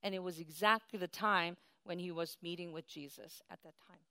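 Bright, clear-voiced woman preaching. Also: fairly low pitch, fairly even intonation, normal speed, no echo. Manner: emphatic, swings from soft to loud, leads call-and-response. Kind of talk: sermon.

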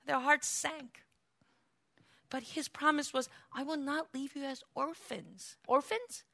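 A woman pastor preaching a sermon, dropping to quiet explaining and then rising into loud, high preaching, asking the congregation questions and calling for amens. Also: slow, creaky.

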